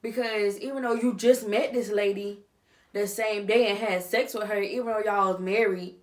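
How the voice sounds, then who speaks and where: A woman vlogger at a middle pitch riffs on a reality TV show in casual, slangy commentary. She speaks straight to her viewers. Her delivery swings from hushed asides to loud, animated bursts. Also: normal speed.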